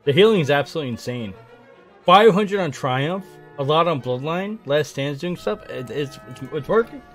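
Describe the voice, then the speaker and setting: A young man giving playful, excitable live commentary on his own video game match, trash-talking and hyping himself up. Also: fairly high pitch, normal speed, soft background music. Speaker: gaming streamer.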